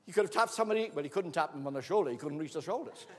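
A man preaching a sermon in an auditorium, telling a story dramatically, acting out the voices and building to shouts. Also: on the high side, animated, very fast, a little hiss or hum. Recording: long hall reverb.

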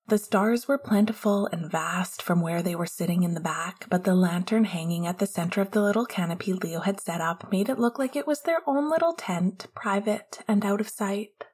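A woman narrating a romance audiobook in a soft, unhurried storytelling manner. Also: mid-range voice, husky.

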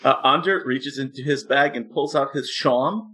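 A woman's voice: a bass voice, a little slow, a bit bright. A woman playing a tabletop game, describing her character's actions in a matter-of-fact way. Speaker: player.

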